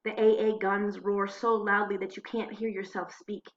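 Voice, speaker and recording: A woman reading diary entries aloud at home into a computer mic, expressive, slowing and hushing for dramatic moments. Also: medium pitch, muffled recording, slight background noise. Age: adult. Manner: expressive, slows and hushes for drama. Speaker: diary reader.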